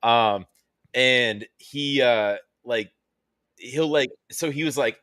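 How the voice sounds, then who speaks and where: A man's voice: mid-range voice, takes it slowly, pushed and bright, dry recording, clean studio sound. A man co-hosting a live stream in casual chat, rambling with lots of fillers and swearing. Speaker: co-host.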